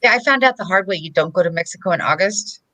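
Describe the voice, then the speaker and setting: A woman's voice: on the low side, animated, fast talker, sharp tone, no room sound. A woman chatting casually with friends, laughing often. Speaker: co-host reading chat. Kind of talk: casual chat.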